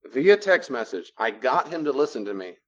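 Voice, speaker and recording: A man's voice: medium pitch, sing-song, moderate pace, fairly bright tone. Guy teaching a class, chatty, repeats stuff, kinda muffled lo-fi audio. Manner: conversational, repeats phrases for emphasis. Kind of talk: classroom lecture with role-play.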